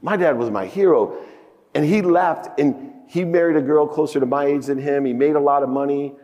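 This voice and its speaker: A man in his fifties giving a motivational keynote speech on a conference stage, telling a personal story with big emotional swings in pitch and loudness. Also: normal speed. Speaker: keynote speaker. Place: large conference hall stage. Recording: echoey conference hall.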